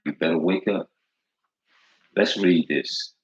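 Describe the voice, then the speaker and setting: A man's voice: low voice, steady tone, takes it slowly. A man preaching informally and reading scripture aloud, emphatic and repetitive, in slangy speech that leans hard on stressed words. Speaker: street preacher. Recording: echoey room, dull lo-fi sound.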